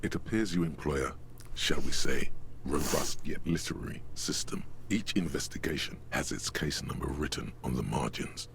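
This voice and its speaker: A man voicing a game's narrating inner voice, gravelly and measured with a literary way of speaking. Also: rumbling low, background noise. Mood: wry. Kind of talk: game narration.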